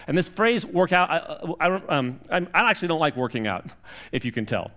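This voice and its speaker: A man's voice: on the high side, very animated, fairly quick, pushed and bright. A man in his forties giving a humorous, chatty sermon in a church, self-deprecating, with many restarts and fillers. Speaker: guest preacher. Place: church sanctuary.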